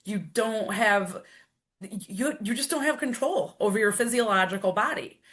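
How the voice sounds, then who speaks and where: A middle-aged woman, a coach and podcast guest, telling her story in an energetic, animated way, with many restarts. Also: mid-range voice, measured pace. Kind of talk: emotional conversational storytelling.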